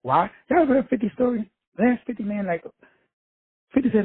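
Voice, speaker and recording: Very husky high-voiced man, tinny phone sound. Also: a little fast, no echo. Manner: blunt, profane, streetwise preaching. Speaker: motivational speaker, show host. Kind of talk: casual motivational monologue. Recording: dry, tinny phone-like recording.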